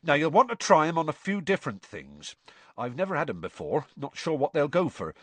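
Man doing a huge gruff gamekeeper, rough and enthusiastic, raised pitch, lively, dry storybook read. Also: brisk, dry recording. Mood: eager. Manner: rough, enthusiastic, dropped word endings.

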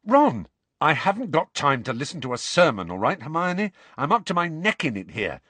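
A man voicing a grumpy, harried teenage boy in a storybook reading, curt and sulky, with a lively swing in pitch. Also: moderate pace, slightly rough, no room sound, full character voice.

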